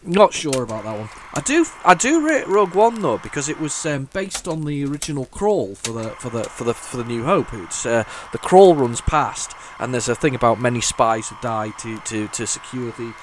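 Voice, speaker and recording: Rambling, excitable male retro gamer. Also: mid-range voice, moderate pace, hardly any pauses, slight background noise. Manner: rambling, thinks aloud with many restarts; excitable bursts over the game. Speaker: retro gaming channel host. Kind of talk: casual gameplay commentary.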